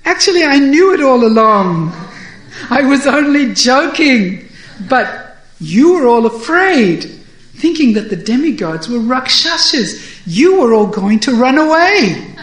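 Madhumangal, a woman doing a shrill panicky cowherd boy. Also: unhurried, roomy sound, close to an everyday voice, low-quality recording. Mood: smug. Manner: cries out in alarm, then brags. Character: timid boastful young male cowherd jester.

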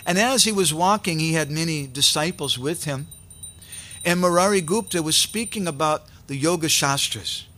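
A man preaching, telling a sacred story in an animated way and acting out its characters. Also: on the high side, moderate pace. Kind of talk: sermon storytelling.

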